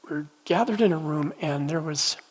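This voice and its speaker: A man leading a church prophetic training night, telling personal stories in a gentle, conversational way with halting restarts. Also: fairly high pitch, rough recording. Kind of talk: teaching talk with personal storytelling. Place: church meeting room.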